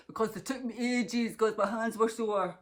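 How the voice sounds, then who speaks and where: A woman's voice: on the high side, fairly even intonation, moderate pace. A Scottish woman hosting a knitting podcast, chatting casually to camera in a rambling way and laughing often.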